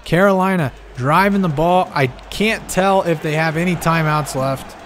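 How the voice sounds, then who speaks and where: A man calling a simulated football game play by play. He gets excitable, rises to shouts on big plays, and keeps talking straight to the listeners as folks. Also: fairly high pitch, moderate pace, slight background noise. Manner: talks directly to the audience, calling them folks. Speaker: play-by-play commentator.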